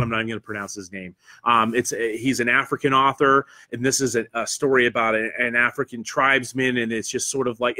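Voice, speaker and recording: A man's voice: medium pitch, pushed and bright. A man from Pennsylvania with a Pennsylvania accent, hosting a convention livestream alone and chatting loosely as he reads viewer comments, rambling and self-deprecating with lots of fillers and restarts. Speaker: convention podcast host. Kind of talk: solo livestream chat reading viewer comments. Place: studio.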